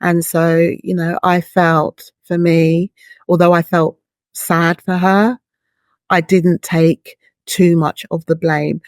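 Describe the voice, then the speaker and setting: A woman's voice: on the low side, level tone, takes it slowly, darkish tone, no room sound, studio quality. A middle-aged woman speaking as a guest in an interview, earnest and heartfelt, explaining her thoughts through long, patient images. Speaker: bereaved mother, guest. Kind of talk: reflective interview talk.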